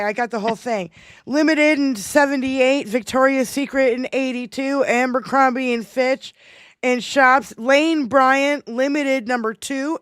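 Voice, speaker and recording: A woman co-hosts a loose livestream chat in a high voice. She rambles and swears freely. Her voice sits close and dry. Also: fairly bright tone, no room sound. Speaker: podcast co-host.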